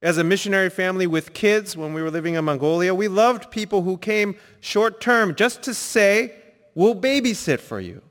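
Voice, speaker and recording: A man preaching a sermon, telling a personal story, sometimes quiet and reflective, sometimes emphatic. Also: sits high, steady tone, moderate pace, hardly any pauses, long reverb tail. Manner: storytelling, shifts between soft reflective and emphatic. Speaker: pastor. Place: church sanctuary.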